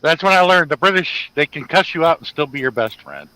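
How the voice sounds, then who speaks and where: A man's voice: a little high, expressive, brisk, pushed and bright, low-quality recording. A man chatting casually as a guest, telling anecdotes and laughing often. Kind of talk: casual chat.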